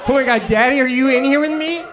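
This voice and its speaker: A man voicing an excited little girl who adores her dad, gushing in a sing-song way. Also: very high voice, quick pace, noisy background, voice pushed up.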